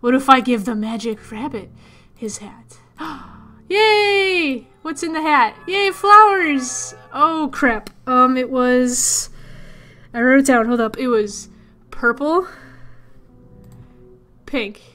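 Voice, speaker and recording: A woman's voice: high-pitched, lively intonation, slow pace, pauses often, a bit bright, soft background music. A young woman casually commenting as she plays a puzzle game, chatting to her viewers and muttering to herself. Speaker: let's player.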